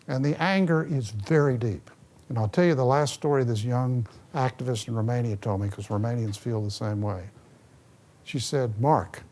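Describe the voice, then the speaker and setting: A man, a former ambassador, giving a public talk and answering questions, with lively storytelling and a restless manner. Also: mid-range voice, moderate pace. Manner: animated storytelling, restless, moves around.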